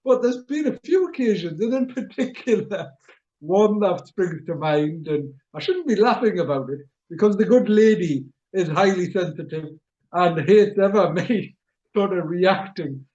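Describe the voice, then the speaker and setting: A middle-aged man tells stories in a casual chat, his voice sitting high for a man. He is animated and keeps chuckling at himself. The recording sounds dull and lo-fi. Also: measured pace. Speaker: radio show host.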